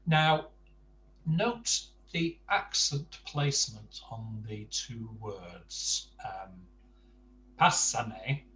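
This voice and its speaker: A man teaching a Spanish lesson to adult learners, explaining slowly and patiently with frequent ums and uhs. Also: fairly low pitch, pushed and bright. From England. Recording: distant mic with faint hum.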